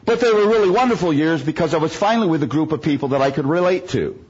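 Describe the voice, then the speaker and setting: A man's voice: a little high, animated, fast talker, darkish tone, slightly rough, muffled recording. A man from the United States preaching a sermon, telling humorous stories and making self-mocking jokes.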